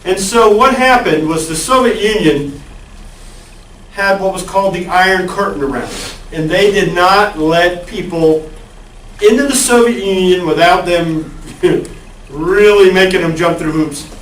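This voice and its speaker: A man's voice: sits high, unhurried, fairly bright tone, a little hiss or hum. A male college lecturer giving a conversational classroom lecture and asking the class questions. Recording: echoey classroom, far from the mic.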